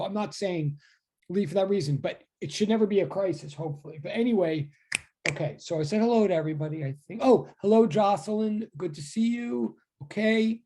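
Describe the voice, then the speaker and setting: Over a video call, a man with a high-pitched, mellow voice opens his casual physics class, rambling as he says hello to students. He's chatty and pokes fun at himself.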